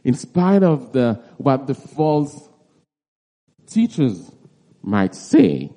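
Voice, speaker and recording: A male preacher works through a Bible text at an unhurried pace. His voice is dark and mellow, and his delivery is halting, with words repeated as he restarts his sentences. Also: medium pitch, sing-song. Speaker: preacher teaching a Bible passage. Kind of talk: expository Bible teaching.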